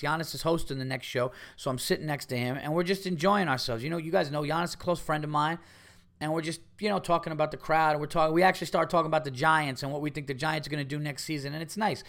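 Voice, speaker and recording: Middle-aged comic guy ranting, swears a ton, repeats stuff, kinda high voice. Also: fairly even intonation, fast, a bit bright. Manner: heated, profane, repeats himself, acts out quotes. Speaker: comedian podcast host. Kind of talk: profane storytelling rant.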